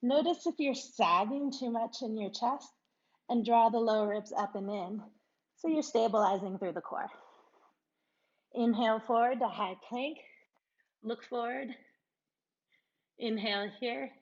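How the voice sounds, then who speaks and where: Female yoga teacher, unhurried encouraging cues, slightly muffled recording. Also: on the high side. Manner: calm, encouraging cueing with breathy laughs. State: out of breath at times. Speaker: yoga instructor. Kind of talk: guided yoga class cues.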